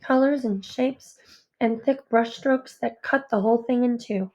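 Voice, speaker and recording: A woman narrating a first-person audiobook in a quiet, measured, introspective way. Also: on the high side, highs cut off.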